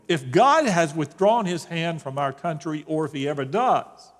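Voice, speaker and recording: A man's voice: fairly high pitch, lively intonation, moderate pace. A man, a pastor, teaching a Bible study in a casual, joking way, often restarting his sentences. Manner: conversational, joking, with frequent restarts. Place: church sanctuary. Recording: long reverb in a church hall.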